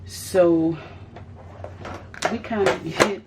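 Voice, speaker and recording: A woman chatting casually about art supplies on her craft vlog, thinking aloud with pauses and restarts. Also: low-pitched, very noisy. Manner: musing aloud, with fillers and restarts. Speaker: craft vlogger. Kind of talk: casual unboxing chat.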